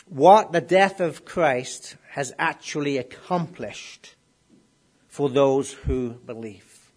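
A middle-aged man preaching a sermon. He asks the congregation questions and builds up to emphatic declarations. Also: mid-range voice.

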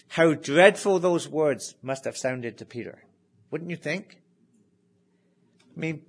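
A man delivering a sermon in a slightly high voice. He talks in an animated way, asks his listeners rhetorical questions, and sinks to a near hush to stress key words. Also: breathy edge. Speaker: preacher.

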